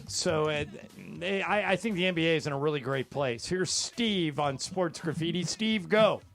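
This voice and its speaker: High-voiced, blunt radio sports host. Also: male voice, creaky, fairly bright tone. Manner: blunt, quick-talking, argues hard with callers. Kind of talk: call-in sports radio talk.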